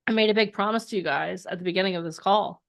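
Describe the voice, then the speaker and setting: A woman's voice: fast, gravelly. A woman coaching an online workshop in a motivational talk, acting out little inner voices with big leaps in her voice. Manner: energetic, acts out inner voices with big pitch jumps. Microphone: online call.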